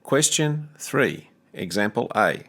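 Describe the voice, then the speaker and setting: A man teaching a recorded language lesson, speaking slowly and deliberately with careful enunciation. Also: lowish voice, big pitch swings, gravelly, very noisy.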